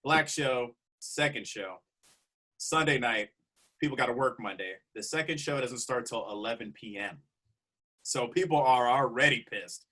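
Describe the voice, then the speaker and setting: A comedian guest with a mid-range voice tells a road story at a moderate pace. He is casual and animated, laughing frequently.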